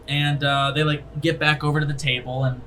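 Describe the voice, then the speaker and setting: A man's voice: a little high, level tone, fairly quick, a bit bright, slight background noise, poor audio. A young man narrating as game master, casual and filled with ums and likes.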